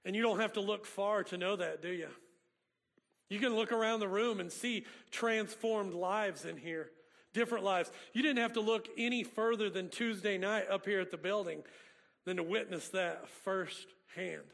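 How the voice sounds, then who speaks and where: A man's voice: high-pitched, moderate pace, creaky, fairly bright tone. A man, a pastor preaching a sermon with folksy storytelling. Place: church sanctuary. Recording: long reverb of a church hall.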